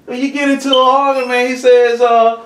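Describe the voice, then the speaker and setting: A man, a church elder, teaching a Bible lesson in a lively, conversational preaching manner. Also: very high-pitched, moderate pace. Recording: roomy echo, from far off the mic.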